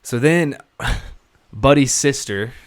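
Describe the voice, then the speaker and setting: A young man in casual podcast chat, recounting a wild night with friends at a middle pitch. He talks animatedly, swears freely and laughs through his own story. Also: extremely slow. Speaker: podcast co-host.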